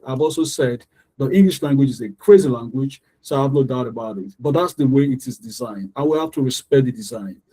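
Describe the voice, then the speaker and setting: A man teaching an English lesson on syllables and stress, explaining patiently and repeating example words slowly. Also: medium pitch, dark tone, low-quality recording. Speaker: English tutor.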